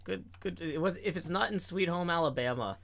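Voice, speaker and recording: A man streaming a game and chatting casually, rambling with playful deadpan jokes. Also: sits high, a little fast, gravelly, a little hiss or hum. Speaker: streamer and co-host. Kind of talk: casual chat while gaming.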